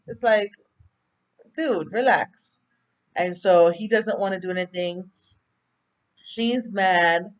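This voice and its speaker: A woman with a Jamaican accent, casually recapping a TV episode, chatty and prone to tangents, acting out the characters' lines. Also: on the low side. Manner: chatty, rambling, goes off on tangents; acts out characters' lines while retelling. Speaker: TV recap vlogger.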